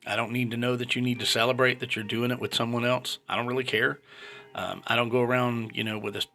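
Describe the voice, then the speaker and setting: A man's voice: medium pitch, sharp tone. A man in his fifties giving a blunt, opinionated casual monologue as a vlogger. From United States. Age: 50s.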